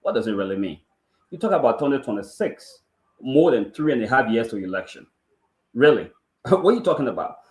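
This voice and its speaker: A man weighs the politics in a measured way, his voice at a middle pitch. The sound is roomy and echoey. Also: very animated, darkish tone. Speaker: political commentator. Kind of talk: talk show analysis. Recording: echoey room.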